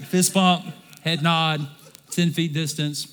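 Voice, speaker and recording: A man preaches to his church in a high, bright voice that carries a long reverb through the hall. He drops low and quiet, then climbs loud and emphatic, calling out for the congregation to answer back. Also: flat delivery, a little slow. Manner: swings from soft and low to loud and emphatic, calls for congregation response. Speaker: pastor. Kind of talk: sermon.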